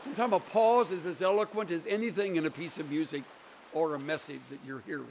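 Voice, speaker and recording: A man preaching a sermon slowly and emphatically, leaning on deliberate pauses and prayer. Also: fairly high pitch, a little hiss or hum. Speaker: pastor. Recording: sermon recording under ocean wave sounds.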